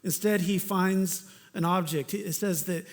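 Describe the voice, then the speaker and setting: A man's voice: high-pitched, measured pace, big-room sound. A male pastor delivering a sermon in an earnest, conversational way, with casual asides.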